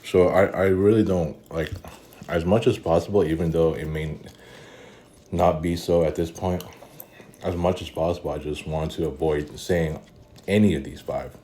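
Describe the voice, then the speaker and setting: A man's voice: low-pitched, fairly even intonation, normal speed, dark tone. A man talking casually in a vlog, weary and rambling, with many fillers and restarts, and eating between sentences. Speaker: vlogger.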